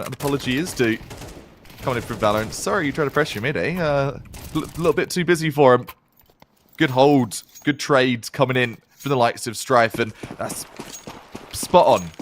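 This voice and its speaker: A man casting a competitive shooter match, with excitable play-by-play and playful quips. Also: mid-range voice, background noise. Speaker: esports caster. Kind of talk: play-by-play commentary.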